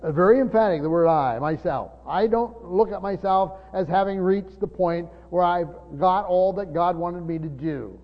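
A man's voice: high voice, normal speed, few pauses. An older man preaching a sermon, teaching earnestly with frequent restarts and repeated words. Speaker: pastor. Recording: dull lo-fi sound with long church reverb.

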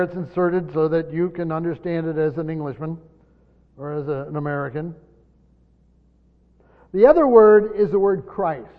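This is expository Bible teaching from a pastor whose voice sits fairly high. He hits important words hard before falling quiet, swinging between loud emphasis and soft asides for his gathered class, captured in dull lo-fi sound with long hall reverb.

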